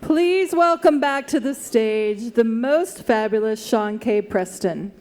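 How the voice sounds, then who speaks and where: A woman's voice: fairly high pitch, takes it slowly, a little mellow. A woman hosting a stage show, effusive and folksy. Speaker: event host. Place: theatre stage.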